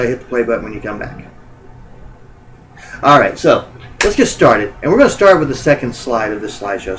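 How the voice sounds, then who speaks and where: A man's voice: mid-range voice, slight background noise, rough recording. Casual man teaching with many ums. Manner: informal, many filler sounds. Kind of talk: recorded lecture walkthrough.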